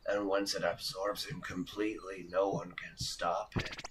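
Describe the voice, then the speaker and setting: A man voicing a gruff, sardonic character in a quiet, low and dry voice, reading game dialogue. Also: flat delivery, measured pace. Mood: grim.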